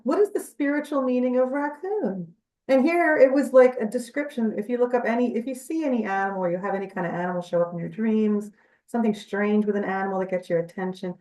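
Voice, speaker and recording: A woman's voice: medium pitch, dark tone, far from the mic. Woman interview guest, earnest and chatty, mid-range voice, recorded off-mic. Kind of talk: conversational interview storytelling. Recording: echoey room, off-mic.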